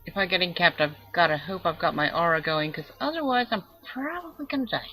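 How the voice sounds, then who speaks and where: Fast-talking man chatting over gameplay. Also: high-pitched, animated, pushed and bright, faint music behind, low-quality recording. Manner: quick, offhand commentary. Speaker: game streamer. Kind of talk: casual gameplay chat.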